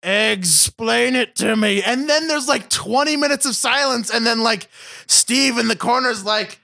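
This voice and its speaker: High, gravelly-voiced man ranting. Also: fairly even intonation, normal speed, bright, forceful tone, no echo, clean studio sound. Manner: ranting, profane, mocking voices. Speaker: podcast co-host. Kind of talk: casual chat. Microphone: video call.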